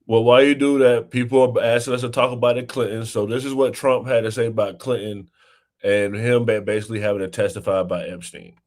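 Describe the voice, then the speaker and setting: A man's voice: mid-range voice, fairly even intonation, fast talker, darkish tone. A man hosting a casual political talk show, talking easily and steering the discussion. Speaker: host.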